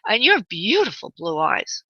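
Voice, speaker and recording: A woman's voice: mid-range voice, wildly swooping pitch, moderate pace, pushed and bright, slightly rough, no room sound, muffled recording. A woman hosting a live radio psychic reading, tender and affectionate and calling her callers honey and sweetheart. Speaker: psychic medium and radio host.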